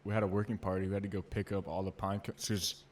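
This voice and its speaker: A man hosting a podcast, telling his own boot camp stories in a relaxed, profane way with lots of fillers. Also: low-pitched, quick pace. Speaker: podcast host, former Marine. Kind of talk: casual storytelling chat.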